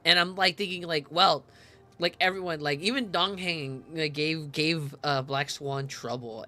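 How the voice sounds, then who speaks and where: Brief: casual male streamer; excitable, chatty, sharp bright tone, fairly high voice. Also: a little slow. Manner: excitable, chatty, filler-heavy, laughs often. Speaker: game streamer. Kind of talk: casual game commentary.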